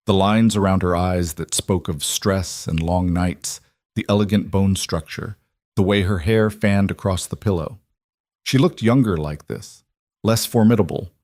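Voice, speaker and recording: A man reading a scripted story in an even, measured way. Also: low-pitched, no echo. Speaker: narrator. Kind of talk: scripted narration.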